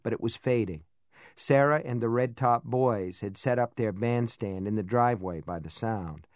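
A man narrates a novel in a steady, measured way, his voice in a middle range. The recording is close and dry, with no room sound at all. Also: medium pitch, no echo. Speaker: audiobook narrator. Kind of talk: scripted narration.

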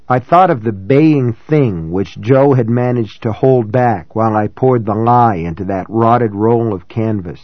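A man reading a novel aloud in first person, measured and reflective, in a dry, slightly dull recording. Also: lowish voice, no echo. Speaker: audiobook narrator.

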